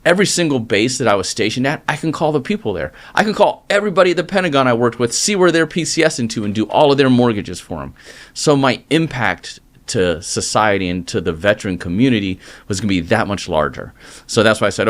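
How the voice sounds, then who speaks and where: Energetic middle-aged man telling stories. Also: medium pitch, fast talker. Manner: energetic, animated storytelling with acted quotes. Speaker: mortgage loan originator, guest. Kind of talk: casual storytelling interview.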